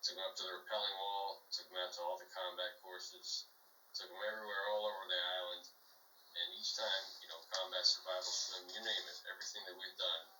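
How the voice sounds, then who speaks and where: A man's voice: low voice, bright, forceful tone, roomy sound, recorded from a distance, low-quality recording. A man telling a long military joke casually on a video call podcast, rambling with fillers. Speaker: podcast guest or co-host.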